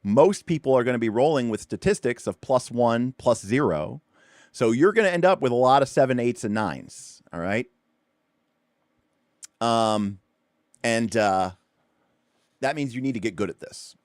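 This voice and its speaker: A man's voice: mid-range voice, lively intonation, a little slow, long pauses, no echo, clean studio sound. A man hosting a tabletop game livestream, explaining rules in a loose, rambling way with lots of fillers and restarts. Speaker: tabletop RPG show host.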